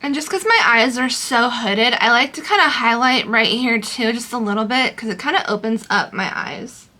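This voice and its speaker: A young woman talks her way through a makeup routine in a relaxed, rambling way, full of little fillers. Her voice sits a bit high and sounds bright and forward. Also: moderate pace. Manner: chatty, loose, many fillers like "um" and "like". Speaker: beauty vlogger. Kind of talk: casual makeup tutorial chat.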